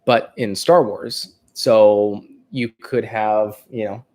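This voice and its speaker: A man's voice: lowish voice, steady tone, slow pace, dark tone. A man with a Californian accent hosting a casual livestream, thinking aloud and rambling with fillers. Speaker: livestream host.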